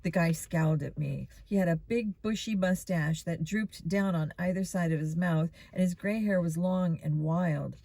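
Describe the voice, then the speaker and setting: A woman reading a children's mystery novel aloud in steady, expressive first-person narration. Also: on the low side, normal speed, creaky, few pauses, no room sound. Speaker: storybook reader.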